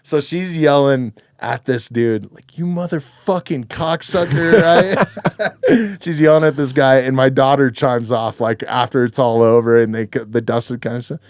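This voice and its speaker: A man's voice: medium pitch, steady tone, moderate pace, darkish tone, clean tone, no room sound. A man in his thirties hosting a podcast, telling stories in casual chat with lots of dude and swearing. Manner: swears freely, says dude a lot. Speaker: podcast host.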